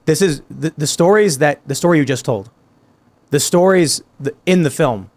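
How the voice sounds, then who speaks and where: A man's voice: fairly high pitch, moderate pace, darkish tone. Enthusiastic male podcast host. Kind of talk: casual chat.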